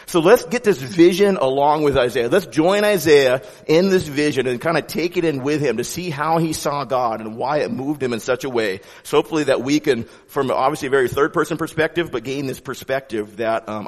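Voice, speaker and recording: A man giving a sermon as pastor, with a conversational, animated delivery and frequent restarts. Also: mid-range voice, long reverb tail.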